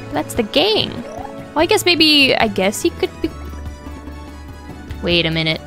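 A woman's voice: high-pitched, big pitch swings, a little slow, long pauses, sharp tone, soft background music. A woman casually commentating a video game playthrough, playful and muttering to herself. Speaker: gaming video creator.

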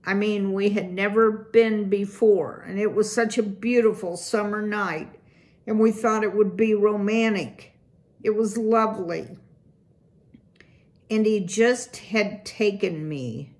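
A woman voicing an earnest young female mouse who stammers and talks haltingly. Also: medium pitch, a little mellow, voice pushed up, close to an everyday voice. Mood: upset.

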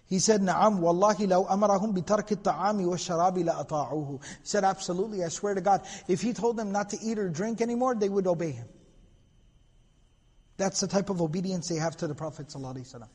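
Lecturer, man, higher voice, husky tone, storytelling style, hall reverb. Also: quick pace, a little mellow. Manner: storytelling with Arabic quotes, casual asides. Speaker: lecturer on prophetic biography. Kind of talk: recorded lecture.

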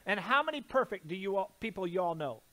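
A man delivers a sermon from the pulpit. His voice sits high and carries emphasis. He repeats key phrases and keeps turning questions back to the congregation. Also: sing-song, fast, sharp tone. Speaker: pastor. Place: church sanctuary.

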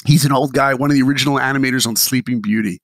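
A man who is a podcast guest, telling motivational stories in an animated and enthusiastic way. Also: mid-range voice, very fast, no echo, clean studio sound. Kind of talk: motivational storytelling.

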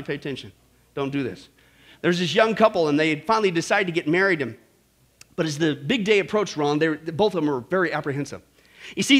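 Male pastor, bright high voice, lively storytelling sermon. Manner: animated storytelling, frequent "listen" and "right?".

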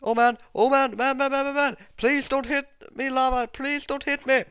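A gameplay video host commenting on their play, excitable, repeating exclamations and talking straight to viewers. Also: high-pitched, moderate pace, smooth, no echo, clean studio sound.

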